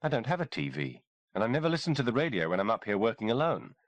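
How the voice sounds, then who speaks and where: A man's voice: medium pitch, very animated, fast talker, no echo, lightly acted. A man voicing a frightened and indignant male author who sputters and swears when cornered. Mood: frightened indignation.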